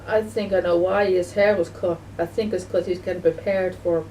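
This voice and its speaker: A woman's voice: on the low side, steady tone, moderate pace, mellow. A woman vlogger talking casually to the camera, rambling and repeating herself with many restarts, recorded from a distance. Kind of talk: casual home video talk. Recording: distant mic with faint background noise.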